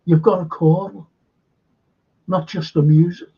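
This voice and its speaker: Man, slow gravelly talker, halting, sarcastic rant, lo-fi sound. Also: on the high side, steady tone. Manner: halting, repeats words, sarcastic. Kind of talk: rambling opinionated monologue.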